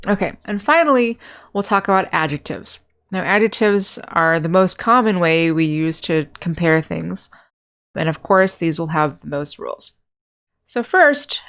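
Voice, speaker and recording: Woman english teacher, kinda low voice, patient, walks thru grammar w/ examples. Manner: patient, explains step by step with examples; slows to spell out and repeat example words. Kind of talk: grammar lesson.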